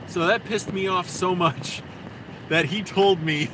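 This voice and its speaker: A man's voice: sits high, steady tone. A man vlogging into his phone in a parked car, rambling and venting with plenty of swearing. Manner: profane, rambling, quick to vent. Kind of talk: rambling casual monologue. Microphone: phone camera. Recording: noisy air conditioning hum.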